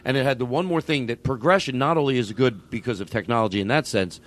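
A man's voice: medium pitch, quick pace, few pauses. A man hosting a comedy podcast, chatting casually in a rambling way with many restarts. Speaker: podcast host.

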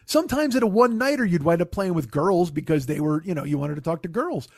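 A man's voice: a little high, animated, quick pace, vocal fry, slightly rough, no echo, clean studio sound. A man telling a casual, profane story in his own voice. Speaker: podcast host telling a story.

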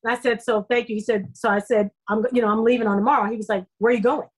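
A middle-aged woman, an actress guest on an interview podcast, telling her story in a lively way and acting out the dialogue. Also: on the high side, racing, slightly rough. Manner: animated, acts out quoted dialogue.

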